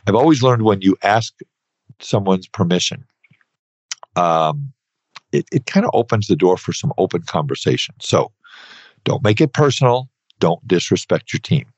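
This low-pitched man in his fifties, an accountant hosting an advice podcast, sounds very animated at a moderate pace. He talks with earnest emphasis, repeating points with "okay", and the audio is dry and slightly dull with no echo.

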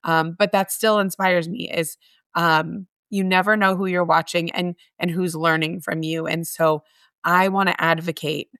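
Earnest woman, smooth close voice. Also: fairly low pitch, steady tone, a little slow, fairly bright tone, dry recording. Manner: earnest, heartfelt, with many restarts. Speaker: guest, homeless mission staff. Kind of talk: conversational interview.

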